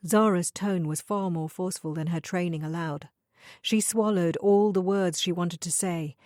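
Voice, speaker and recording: A woman reading an audiobook thriller in measured, even scripted narration. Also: fairly low pitch, no echo, studio quality.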